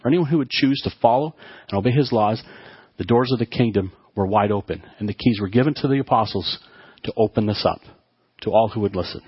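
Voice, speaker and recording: A man with a low, husky voice delivers a sermon to his congregation. He often stops and repeats words before finding the phrase. The sound is dry and a little dull. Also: no room sound. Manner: halting, with frequent restarts and repeated words. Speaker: pastor.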